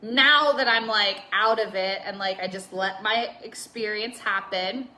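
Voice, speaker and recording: A woman's voice: mid-range voice, unhurried, pushed and bright. A young woman talking candidly on a live stream, rambling with lots of filler words and some swearing. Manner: reads out viewer comments. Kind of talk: casual Facebook Live chat.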